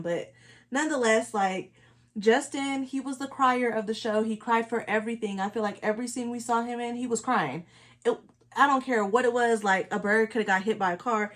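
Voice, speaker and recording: A woman from Los Angeles, a beauty vlogger chatting casually while doing her makeup, emphatic and repeating her points. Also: a little high. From Los Angeles, California.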